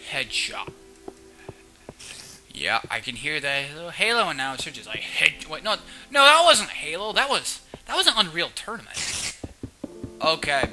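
A man playing a video game and commenting, excitable, often shrieking and yelling at monsters. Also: a little high, normal speed, faint music behind. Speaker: let's player. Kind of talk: casual gaming commentary.

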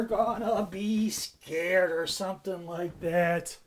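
A woman's voice: lowish voice, steady tone, slow, few pauses, slight background noise. A woman narrating a homemade toy video in a plain, casual way.

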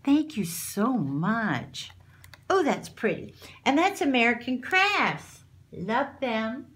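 A woman's voice: fairly high pitch, very animated, slow, fairly bright tone, husky. A woman, chatting at home as she unboxes crafty mail and gushes over each item. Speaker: craft channel host. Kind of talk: casual unboxing chat.

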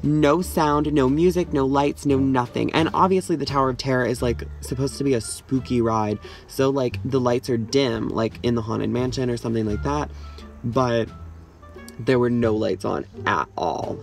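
A man's voice: medium pitch, moderate pace, creaky, soft background music. Fields: A man vlogging from a car, telling a story in a rambling way full of "like". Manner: rambling, full of "like", laughs often. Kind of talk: casual storytelling. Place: inside a parked car.

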